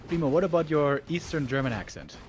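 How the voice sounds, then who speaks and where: A man co-casting a competitive strategy game, joking around and shouting when the action heats up. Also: on the high side, quick pace, slight background noise. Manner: excitable, shouts at big plays, jokey. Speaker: esports caster. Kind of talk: casual game commentary.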